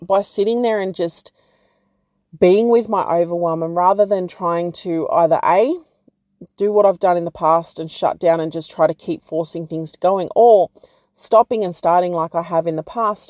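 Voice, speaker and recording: A woman talks slowly and gently in a reflective personal vlog, offering spiritual encouragement. Her voice sits low, and the recording is dry and close. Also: no room sound. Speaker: program founder and guide.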